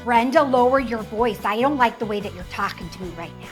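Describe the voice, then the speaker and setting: A woman's voice: fairly high pitch, fairly quick, soft background music, pitched above the performer's own voice, close to an everyday voice. A woman playing a stubborn housewife on the phone. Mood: firm. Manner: firm, scolding, exasperated. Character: stubborn housewife arguing on a long-distance call.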